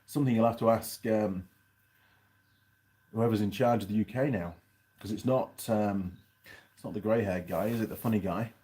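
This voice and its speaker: A man's voice: lowish voice, moderate pace, long pauses, dark tone. Chatty man reviewing a pie while eating. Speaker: channel host reviewing pies on a live stream. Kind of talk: casual live-stream chat.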